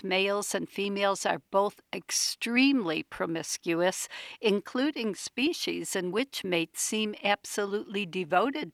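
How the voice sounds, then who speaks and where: A woman in her sixties, a writer on birds, reading a personal essay in a chatty, wry way with lively asides. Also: medium pitch, creaky, dry recording. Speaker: bird writer.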